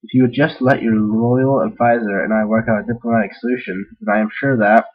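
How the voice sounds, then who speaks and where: A man's voice: lowish voice, fairly even intonation, brisk, husky. A man voicing a young filly who plays a formal, pleading royal advisor. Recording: dull lo-fi recording.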